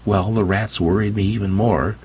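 A man's voice: fairly even intonation, normal speed, darkish tone, husky. A man voicing a frightened, fussing older woman homeowner who shrieks and frets. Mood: shrill alarm. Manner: shrill, fussing.

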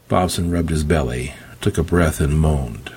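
A male audiobook narrator with a low, very husky and breathy voice. He tells the story in the first person with a dry, wry touch. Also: unhurried, darkish tone.

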